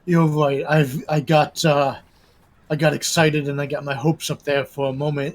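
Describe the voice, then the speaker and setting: A man's voice: a little high, little pitch movement, normal speed. A man playing a tabletop role-play game, speaking in a theatrical, old-fashioned way. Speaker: player. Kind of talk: in-character table chat.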